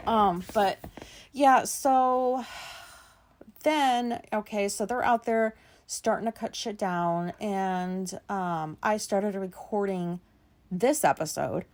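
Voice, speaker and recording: Woman, podcast host, halting rambling monologue, self-deprecating, mid-pitched voice. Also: a little mellow. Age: 30s. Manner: halting, full of fillers and pauses.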